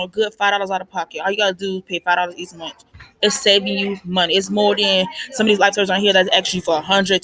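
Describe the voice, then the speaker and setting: Bright-voiced young woman chatting casually. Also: mid-range voice. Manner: chatty, repeats points, fillers like "like" and "I mean". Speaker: parent giving money advice. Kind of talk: casual unscripted monologue. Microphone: phone recording.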